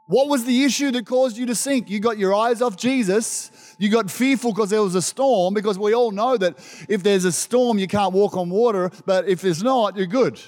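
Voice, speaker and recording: A man preaching a sermon as pastor, animated and emphatic, calling out to his congregation. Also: very high voice. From Australia. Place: church service. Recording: long reverb of a church hall.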